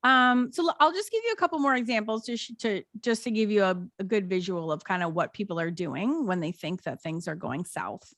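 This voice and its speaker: A woman's voice: mid-range voice, animated, fairly bright tone, no echo. A woman co-hosting a podcast, talking casually and sarcastically and giggling as she presents her research. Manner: giggly, sarcastic, quick asides.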